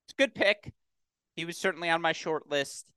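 A man's voice: a little high, brisk, clear, resonant tone, dry recording. A man co-hosting a sports recap podcast, chatting casually and acting out quotes. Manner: animated, acts out quotes. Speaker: podcast co-host. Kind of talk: casual chat.

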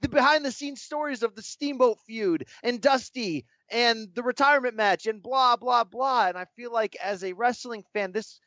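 A man with a high voice argues with animated emphasis in a casual chat, firing off rhetorical questions. The recording is dull and lo-fi, and very dry. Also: normal speed, few pauses, no room sound. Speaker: podcast co-host.

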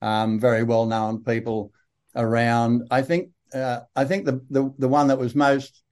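A man's voice: mid-range voice, flat delivery, measured pace, a little mellow. Laid-back older Australian man. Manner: laid-back, dry humour, rambling anecdotes. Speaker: guest. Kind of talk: casual interview storytelling.

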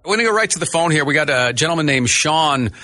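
A male radio host leading sports talk banter and briskly introducing callers. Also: fairly high pitch, expressive, background noise.

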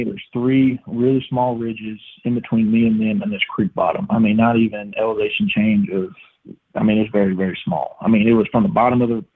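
A man's voice: lowish voice, a little hiss or hum. Man telling a story over a tinny phone line. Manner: animated, quoting his own thoughts, sound effects. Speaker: podcast guest, listener. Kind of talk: casual storytelling.

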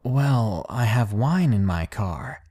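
A man's voice: on the low side, expressive, slow, warm tone. A man voicing a pushy, creepy adult man on a late-night date, insistent and coaxing.

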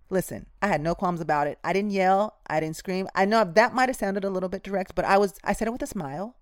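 A woman's voice: mid-range voice, fast talker, few pauses, no echo, clean studio sound. A woman nurse hosting a podcast, telling work stories in a direct, emphatic, casual way and speaking straight to her listeners. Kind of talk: casual instructive storytelling.

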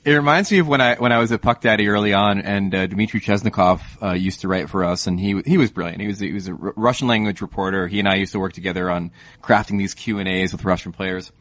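Deep-voiced guy hosting a hockey podcast, measured, lots of ums. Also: fairly bright tone. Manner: thoughtful, measured, frequent fillers. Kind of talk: casual sports chat.

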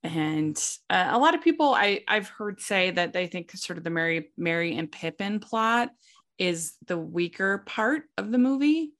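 A woman hosting a casual film discussion, chatty and quick to laugh. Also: on the low side, very animated, a bit bright. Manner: chatty, laughs often, many restarts. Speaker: podcast host.

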